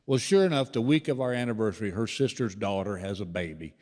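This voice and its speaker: An older man doing folksy, animated stand-up storytelling, acting out the voices of the people in his stories. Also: lowish voice, fast talker. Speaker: stand-up comedian. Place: large live venue with audience laughter. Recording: live stage recording with hall reverb.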